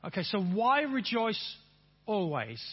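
A man preaching a sermon, repeating phrases and swinging from soft to emphatic. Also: high voice, sing-song, slow pace, husky, lo-fi sound. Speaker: pastor.

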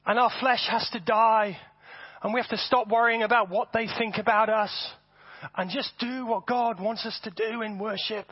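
A man preaching a sermon to his congregation, animated and often repeating words as he builds his points. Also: high-pitched, moderate pace, breathy edge, dry recording. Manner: animated, repeats words, acts out voices for effect. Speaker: pastor. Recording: dull, dry sound.

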